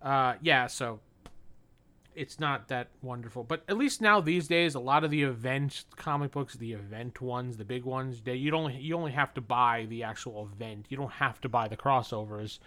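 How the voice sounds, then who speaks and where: A man in casual podcast chat, rambling from one thought to the next and acting out the voices he quotes. His pitch sits right in the middle for a man, neither high nor low. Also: moderate pace, bright, forceful tone. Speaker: podcast co-host.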